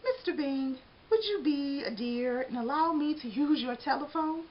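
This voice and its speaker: A woman puts on a fussy little doughnut for a storybook reading, a high, prissy voice that leaps all over the place. He is prim and overly polite, easily thrown into alarm, and the recording sounds dull and lo-fi. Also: big pitch swings, normal speed, slight background noise. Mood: sweetly polite.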